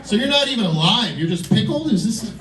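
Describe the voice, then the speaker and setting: A man's voice: high voice, very animated, fast talker, bright, forceful tone. A man in his forties performing stand-up on a club stage, rambling and self-deprecating as he banters with the crowd. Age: 40s. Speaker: stand-up comedian. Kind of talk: stand-up comedy set. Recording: roomy club, from a distance.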